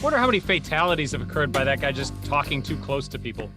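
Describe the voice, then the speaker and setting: A man's voice: on the high side, very animated, fast, over music. A man co-hosting a podcast, tossing out dry, sardonic quips in casual commentary. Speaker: podcast co-host.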